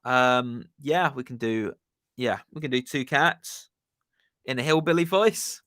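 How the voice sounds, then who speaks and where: A man's voice: medium pitch, measured pace, fairly bright tone, dry recording, studio quality. A man hosting a music live stream, chatting casually with viewers in a laid-back, rambling way and greeting them by name.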